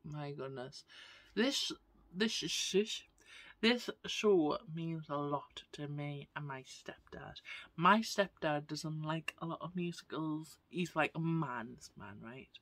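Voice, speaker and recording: A woman's voice: low voice, slow, fairly bright tone, no room sound. A woman vlogger chatting casually to camera, gushing and often tagging her sentences with "right?". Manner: gushing, keeps asking "right?".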